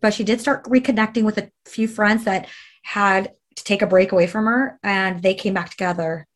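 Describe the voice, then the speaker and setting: A woman's voice: medium pitch, steady tone, normal speed. A woman telling an emotional personal story in an interview, earnest and conversational, with fillers and restarts.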